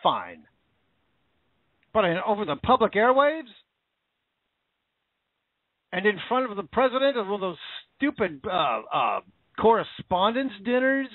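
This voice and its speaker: A man's voice: high voice, very animated, unhurried, pauses often, no echo. An American man giving an indignant, repetitive political opinion rant. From United States. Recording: dry, phone-like narrow audio.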